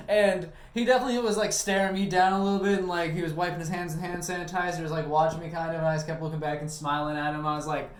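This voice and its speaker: A man's voice: high-pitched, quick pace, reverberant. A man working as a gas station attendant, talking casually in a vlog, rambling with lots of "like" and swearing freely.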